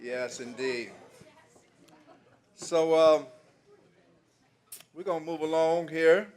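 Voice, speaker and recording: A man's voice: fairly high pitch, takes it slowly, darkish tone. An older man doing stand-up comedy, telling folksy stories in a loose way and laughing at his own jokes.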